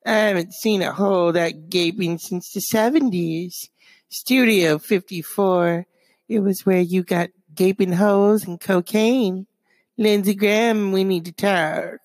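A man's voice: high voice, steady tone, unhurried, dry recording, pitched above the performer's own voice. A man putting on the voice of a catty, campy older man who gossips with scandalized relish.

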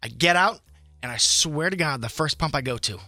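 A man co-hosting a morning radio show, telling a story in an animated way and acting out his own shouting. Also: fairly high pitch, moderate pace, dry recording, soft background music. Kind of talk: casual radio banter.

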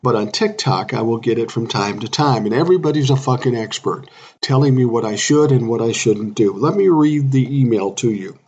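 A man's voice: mid-range voice, expressive, brisk, darkish tone, dull audio, a little hiss or hum. A man in his sixties hosting a solo podcast, talking bluntly and irritably, swearing often. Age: 60s. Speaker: podcast host.

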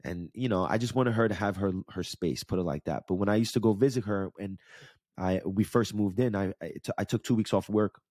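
Ny area guy in his 30s telling his story straight, kinda low voice, dead dry mic. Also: a little fast, darkish tone, no room sound. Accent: New York area. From New York / New Jersey area. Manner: conversational, candid, checks in with "right?". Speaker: podcast host and life coach. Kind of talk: casual storytelling monologue.

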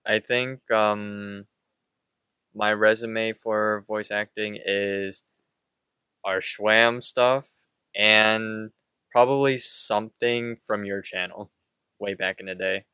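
Low, smooth-voiced man recapping casually. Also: slow, no echo. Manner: relaxed, narrates plot step by step with fillers. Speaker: podcast co-host. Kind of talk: casual chat recapping a cartoon episode.

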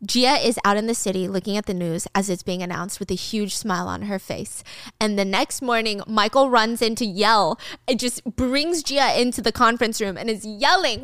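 A young woman casually retelling a drama, animated and swearing freely as she acts out scenes. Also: fairly high pitch, normal speed, dry recording, clean studio sound. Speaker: drama recap host. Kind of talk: casual storytelling recap.

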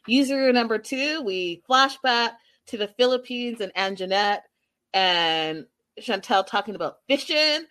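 A woman's voice: a little high, lively intonation, moderate pace, sharp tone. A woman chatting casually to her viewers as she recaps a show, often turning to them directly. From Canada.

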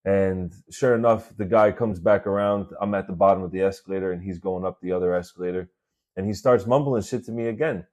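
A man with a very low voice hosts his own podcast, telling stories about his work week. He talks in a relaxed, chatty way and swears freely. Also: a little fast. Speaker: podcast host. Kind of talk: casual storytelling monologue. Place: working in New York City.

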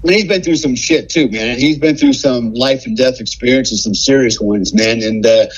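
A man's voice: medium pitch, normal speed, husky, dull audio. A man telling a story as a podcast guest, laughing often and tossing in "man" and "right?". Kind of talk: casual storytelling.

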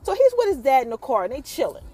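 A woman with a high voice talks through a TV episode as its recap host. Her pitch leaps up and down as she tells it. She keeps it loose and chatty and turns often to her listeners. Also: quick pace, husky. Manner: animated storytelling, acts out characters' quotes, addresses listeners as y'all.

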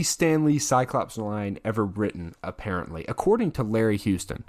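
A man's voice: fairly low pitch, sing-song, moderate pace, darkish tone. A man co-hosting a podcast in casual chat, enthusiastic and rambling, laughing often between thoughts. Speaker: podcast co-host.

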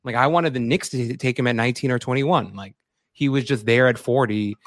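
A man rambling excitedly on a casual sports podcast, piling up fillers and slang as he goes. His voice sits at a middle pitch and comes through a dry, close mic with no room sound. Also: brisk, no echo. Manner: excitable, rambling, frequent "like" and "bro". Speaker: podcast co-host.

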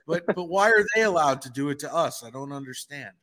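Bright-voiced man co-hosting a chatty podcast. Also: on the high side, animated, fairly quick. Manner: chatty, joking, self-deprecating. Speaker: podcast co-host. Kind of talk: casual podcast chat.

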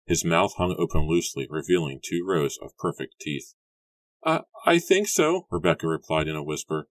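A man reads an audiobook in an even, steady storytelling manner. His voice is very deep, and the recording is close and dry with no room sound. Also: brisk, no echo. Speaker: audiobook narrator. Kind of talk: scripted narration.

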